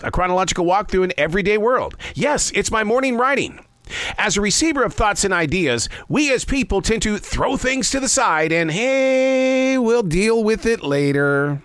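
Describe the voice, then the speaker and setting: A man's voice: high voice, fairly bright tone, no echo, clean studio sound. A man in his sixties hosting a scripted spoken essay, folksy and conversational with playful asides. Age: 60s. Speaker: host. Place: living in the American South.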